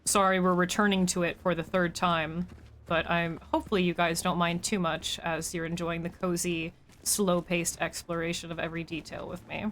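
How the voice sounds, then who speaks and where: A woman's voice: on the low side, level tone, moderate pace, a bit bright, slight background noise. A woman streamer chatting casually as she plays, thinking aloud and talking to her viewers. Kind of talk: casual gameplay commentary.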